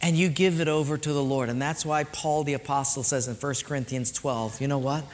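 A man preaching a sermon, animated, swinging from loud storytelling to soft, quiet points. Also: on the high side, fairly quick. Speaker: pastor. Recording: long hall reverb.

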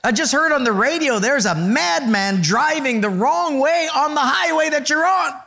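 A man's voice: very high voice, animated, moderate pace, gravelly, pushed and bright, pitched above the performer's own voice, exaggerated voice. A man voicing a worried older woman calling her husband, speaking in an anxious, pleading way. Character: worried older wife on the phone.

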